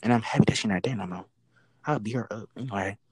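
A woman who works a fast-food drive-thru window, telling a work story in casual chat, acting out the quoted exchanges and swearing freely. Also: rumbling low, breathy edge, no room sound, poor audio.

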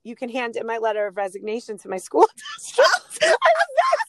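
A middle-aged woman co-hosting a podcast, telling animated stories and laughing often in a casual chat. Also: fairly high pitch, a little fast, dry recording. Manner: animated storytelling, laughs often, gives shout-outs. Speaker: podcast co-host.

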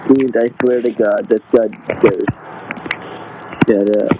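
A man's voice: mid-range voice, fairly even intonation, moderate pace. A man casually telling a meandering story, full of fillers and slang, as a channel host. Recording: noisy with vehicle sounds behind. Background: vehicle noise and clicks.

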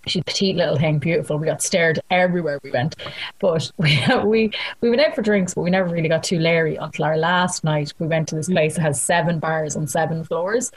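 Husky-voiced Irish woman telling a story. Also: sits low, a little fast, rough recording. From Ireland. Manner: animated storyteller acting out quotes, laughing often. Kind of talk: casual chat, storytelling.

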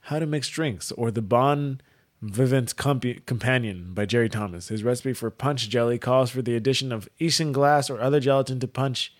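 A man's voice: mid-range voice, normal speed. A man co-hosting a casual podcast, reading encyclopedia text aloud and riffing on it with lots of swearing. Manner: reads aloud then riffs with heavy swearing. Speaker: podcast co-host reading wiki entries.

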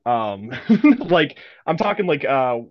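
A man's voice: on the high side, very animated, slow, highs cut off. A young man narrating a tabletop game as game master, describing scenes casually and vividly with many fillers.

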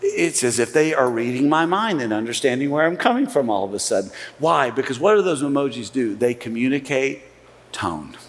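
A man preaching a sermon as pastor, animated and acting out the voices he quotes. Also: mid-range voice, a little fast. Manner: animated, acts out quoted voices, repeats words when restarting. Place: church hall. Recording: long hall reverb.

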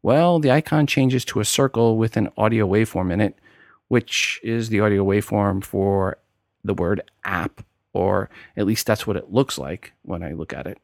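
A man's voice: on the low side, normal speed, vocal fry, a little mellow, dry recording, clean studio sound. A man hosting a tech podcast with a New York accent, talking casually and explaining steps one by one. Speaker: podcast host.

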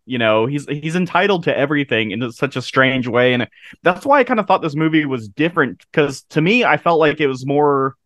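A man's voice: on the high side, animated, brisk, fairly bright tone, dry recording. A man in his thirties chatting casually about a film, laughing often and swearing freely. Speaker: podcast co-host.

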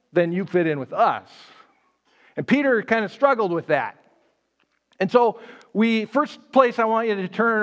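A man pastor giving a live sermon, telling the story conversationally and casting his listeners as the disciple Peter. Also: sits high. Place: church sanctuary.

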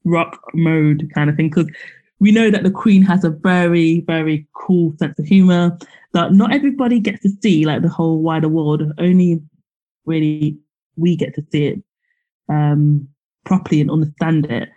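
A woman chatting casually on a podcast, laughing often and filling pauses. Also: sits low, warm tone, highs cut off. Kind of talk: casual chat.

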